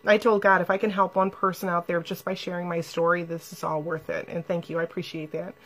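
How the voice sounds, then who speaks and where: A woman's voice: lowish voice, level tone, quick pace, a bit bright. A woman hosting a live stream, talking casually and emotionally to viewers and reading their comments aloud.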